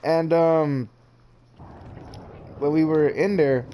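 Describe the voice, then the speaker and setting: A man's voice: on the high side, steady tone, extremely slow, dark tone. Young man rambling through a story. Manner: rambling, repeats and restarts often. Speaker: vlogger. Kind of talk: casual story time. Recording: noisy background.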